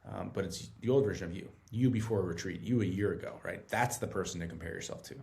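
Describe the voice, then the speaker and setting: A man with a low, gravelly voice talks earnestly as a podcast guest. He explains things in a relaxed, conversational way and keeps checking in with the listener. His tone has a steady, grounded weight. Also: fast. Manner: earnest, tags points with "right?". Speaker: guest, treatment center director.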